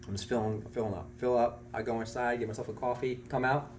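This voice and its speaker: A man telling a story in a casual podcast chat, lively and swearing, acting out the people in his story, with faint background noise. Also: mid-range voice, fast talker. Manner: animated, swears often, acts out voices in anecdotes.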